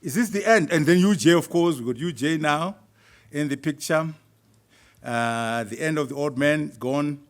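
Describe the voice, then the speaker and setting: A middle-aged man from Zimbabwe presenting his own book at a university launch, talking lively and chuckling through asides to the audience. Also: fairly high pitch, normal speed. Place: university hall at a launch event.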